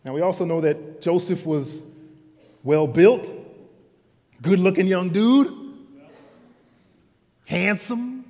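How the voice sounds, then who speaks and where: A man preaching a sermon to a congregation in a casual, animated storytelling way. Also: high voice, slow pace, pauses often, big-room sound. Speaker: pastor. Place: church sanctuary.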